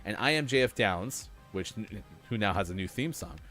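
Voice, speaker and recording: A man's voice: lowish voice, lively intonation, normal speed, fairly bright tone, faint music behind. A man co-hosting a morning gaming stream, reading out player scores in an upbeat announcer way. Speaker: morning show co-host. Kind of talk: live-stream game commentary.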